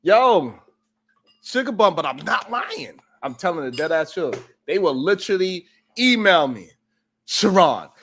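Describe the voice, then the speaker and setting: A man's voice: high-pitched, big pitch swings, unhurried, fairly bright tone, a little hiss or hum. A man hosting a live-stream show, chatting casually with viewers in a loose, profane, joking way and laughing often.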